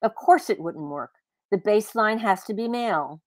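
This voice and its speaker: A woman's voice: medium pitch, lively intonation, moderate pace, no room sound, close to an everyday voice. A woman voicing an argumentative, dismissive man who lectures his companion in a cafe, in a dry room. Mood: lecturing. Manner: condescending, lecturing.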